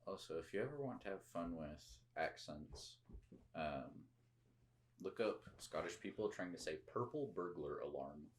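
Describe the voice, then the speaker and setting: A woman's voice: rumbling low, expressive, moderate pace, a little hiss or hum. A woman sharing wry trivia during a casual movie commentary. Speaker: film commentator.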